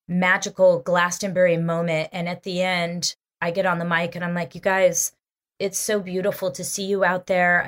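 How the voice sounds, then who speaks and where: A woman musician, a guest on an interview show, telling a story in an animated, expressive way. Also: on the low side.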